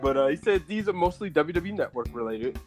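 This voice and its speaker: Man host with a lively voice. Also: fairly high pitch, quick pace, soft background music. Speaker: podcast host. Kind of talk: casual chat.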